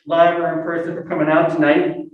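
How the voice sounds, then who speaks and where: A chatty, rambling man introduces a reading, his voice sitting fairly high. He sounds far from the mic in a very echoey hall. The sound is muffled and dull. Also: flat delivery, brisk, slight background noise. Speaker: reading series host. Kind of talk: casual introduction with an anecdote. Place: arts center event room, in person and on video call. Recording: echoey room, picked up from a distance, muffled.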